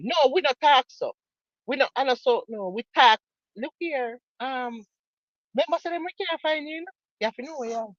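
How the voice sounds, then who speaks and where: A woman's voice: high voice, lively intonation, fairly quick, dry recording, muffled recording. A woman with a Jamaican accent giving casual commentary, emphatic and mocking, repeating her points for effect. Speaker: online commentator.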